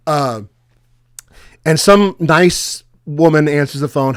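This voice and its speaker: Animated storytelling man, dry close mic. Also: a little high, slow pace, clear, resonant tone, no echo. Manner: animated, acts out angry callers in raised voice. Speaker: podcast co-host. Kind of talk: casual storytelling chat.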